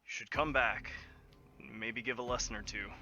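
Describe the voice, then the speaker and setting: A man voicing a gruff, one-eyed male brawler leader who gives slow, measured, grudging remarks. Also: medium pitch, fairly even intonation, bright, forceful tone.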